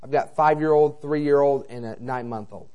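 A man in his thirties, a traveling evangelist, preaching a sermon with animated personal stories and conversational rhetorical asides. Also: a little high, normal speed, highs cut off.

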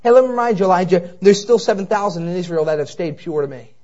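A man preaching a fervent sermon in a high, bright-edged voice. He swings between loud exhortation and hushed, drawn-out asides. The recording sounds dull and lo-fi. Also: lively intonation.

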